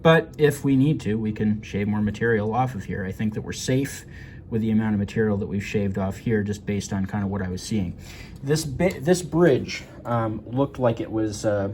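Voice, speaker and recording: Man, lowish voice, casual repair-shop tech who rambles with fillers, faint shop hum behind. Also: normal speed, darkish tone. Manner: rambling, many fillers and restarts. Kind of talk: casual workshop explanation.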